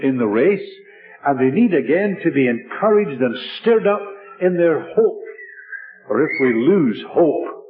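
Man preaching over a tinny radio broadcast. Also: medium pitch. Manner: measured, emphatic preaching with repetition. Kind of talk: sermon.

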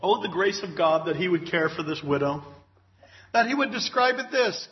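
High-voiced preacher on a dull recording. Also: male voice, expressive, moderate pace. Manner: earnest and emphatic, with exclamations of praise. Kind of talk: expository Bible teaching.

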